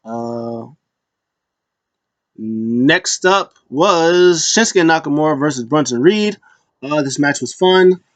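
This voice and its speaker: A man's voice: fairly high pitch, expressive, slow pace, dry recording, rough recording. A man hosting a casual solo recap, rambling with many fillers and acting out quotes in passing. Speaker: wrestling show recap host.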